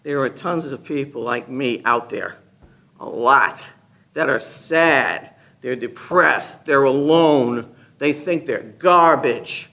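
A woman giving a personal testimony to her church gathering, telling her story in an animated, enthusiastic way. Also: rumbling low, takes it slowly, vocal fry. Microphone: handheld mic at a gathering.

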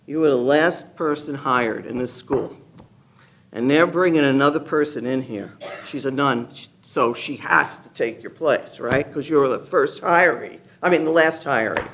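A woman acting out a flustered young nun who is a school principal, speaking in an urgent, rushed way. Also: extremely low pitch, fairly bright tone, a little hiss or hum.

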